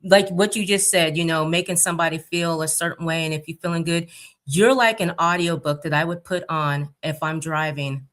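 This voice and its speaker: An interview host woman with a lowish voice, chatting casually. She keeps things moving with steady affirmations and praise for her guests. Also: normal speed. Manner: warm, encouraging, with frequent affirmations.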